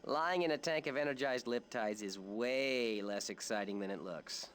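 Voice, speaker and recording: A man's voice: medium pitch, normal speed, fairly bright tone, natural voice. An actor playing a cheerful, wisecracking male mutant in a video game, with a jokey, breezy delivery. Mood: joking.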